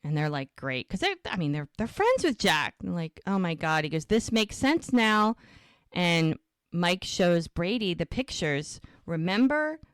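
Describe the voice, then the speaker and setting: A woman's voice: lowish voice, sing-song, a little slow, clean tone, no room sound, studio quality. A woman co-hosting a podcast, casually recapping episodes and acting out the characters' lines. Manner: retells scenes, acting out lines with "he goes". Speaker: podcast co-host.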